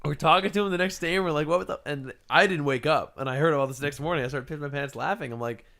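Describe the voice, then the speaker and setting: A man's voice: a little high, fast talker, creaky, fairly bright tone. A man in a casual podcast chat, telling stories and acting out other people's voices, swearing freely. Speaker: podcast co-host.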